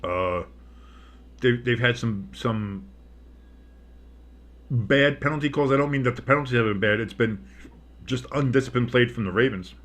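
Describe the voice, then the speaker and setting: A man's voice: medium pitch, moderate pace, long pauses, fairly bright tone. A man giving casual live play-by-play commentary on a football game, rambling and swearing as he reacts. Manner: rambling, swears, restarts his sentences.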